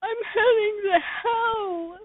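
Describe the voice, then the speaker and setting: A narrator voicing a whiny, lovesick young man in a high wailing falsetto, sobbing through the lines in a fan fiction reading. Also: takes it slowly, no echo. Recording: tinny phone-like dry sound.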